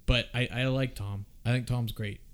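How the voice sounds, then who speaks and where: Animated, profane man chatting about films. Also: medium pitch, normal speed, smooth. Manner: animated, profane, acts out the characters' lines. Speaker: podcast host. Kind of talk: casual film discussion.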